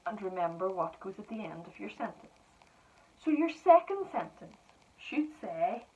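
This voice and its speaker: A woman's voice: mid-range voice, big pitch swings, moderate pace, a little mellow. A woman primary school teacher dictating spelling sentences word by word, with encouraging praise. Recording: dull lo-fi sound from a distance.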